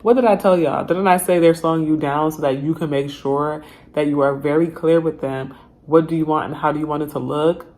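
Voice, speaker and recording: A woman's voice: low voice, steady tone, a little fast, a little mellow. A woman giving a casual tarot reading straight to her viewers, chatty and full of slang. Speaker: tarot reader.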